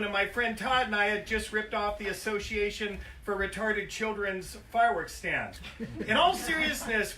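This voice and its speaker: A man's voice: sits high, pushed and bright, a little hiss or hum. An older man reading his own memoir aloud at a bookstore event, profane and self-mocking, drifting into comic tangents. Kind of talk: live book reading with comic asides. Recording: echoey store room, heard from far off.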